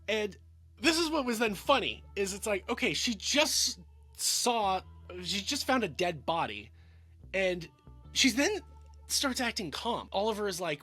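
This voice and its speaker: Man film reviewer, husky and a bit high-voiced, rambling and chatty with constant restarts. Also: very animated, unhurried, sharp tone, faint music behind. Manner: rambling, filler-heavy, stammering restarts. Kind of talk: casual film review talk.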